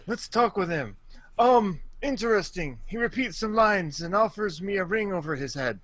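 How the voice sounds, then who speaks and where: A man playing an elderly author who is puzzled by a computer game, talking haltingly on a podcast. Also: sits high, lively intonation, a bit bright, no room sound. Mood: bewildered. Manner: halting, bewildered old man voice.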